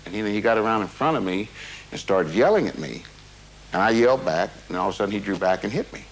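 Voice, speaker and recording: A man's voice: lowish voice, animated, fast, a little hiss or hum, rough recording. A man being interviewed, recounting a personal memory in a rambling, casual way with many fillers and restarts. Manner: casual, drops "man" into his talk.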